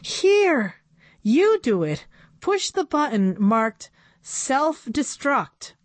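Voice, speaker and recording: A woman's voice: sing-song, very slow, dry recording, full character voice. Woman doing a sobbing inventor teacher. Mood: tearful. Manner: sobbing, high and dramatic.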